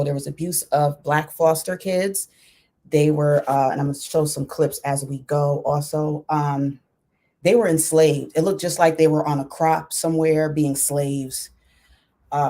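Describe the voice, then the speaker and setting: A woman's voice: low voice, dark tone. A woman hosting a casual livestream on her computer, chatting directly to her viewers with many fillers and restarts. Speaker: livestream host. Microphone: computer mic.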